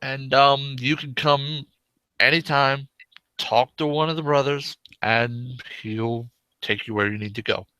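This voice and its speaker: A man's voice: medium pitch, steady tone, measured pace, pushed and bright, clean tone, no echo, voice pushed up, low-quality recording. A man voicing the courteous male leader of an underground brotherhood, speaking politely and formally.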